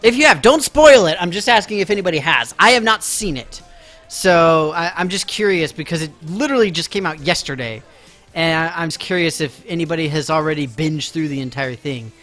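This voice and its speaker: A male game streamer talks casually to his viewers while he plays. His voice sits a little high and sounds bright and forward. Soft game music plays faintly underneath. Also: animated, a little fast. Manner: chatty and self-mocking, talking to viewers while playing. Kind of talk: casual live-stream gameplay chat.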